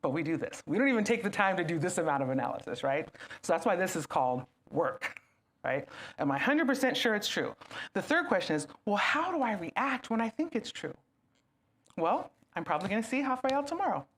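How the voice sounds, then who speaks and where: A woman gives an animated talk to a gathered audience, her pitch leaping and falling as she acts out small scenes. She keeps turning to the listeners with questions. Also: fairly quick, slight background noise. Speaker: guest speaker. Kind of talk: lively talk to a live audience.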